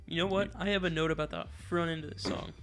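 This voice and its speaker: A man's voice: a little high, steady tone, quick pace, a bit bright, faint music behind. A man in casual podcast chat, upbeat and loose, cursing now and then. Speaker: podcast co-host. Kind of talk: casual album review chat.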